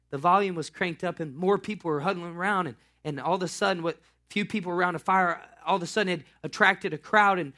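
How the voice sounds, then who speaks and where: A man pastor delivering a sermon as a casual story. His voice sits a little high, and he drops in slang as he goes. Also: sharp tone.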